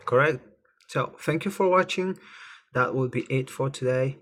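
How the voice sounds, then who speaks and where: A man's voice: medium pitch, normal speed, fairly bright tone. A man teaching a language lesson, spelling out words and repeating phrases over and over. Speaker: Spanish teacher. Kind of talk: slow, repetitive language lesson.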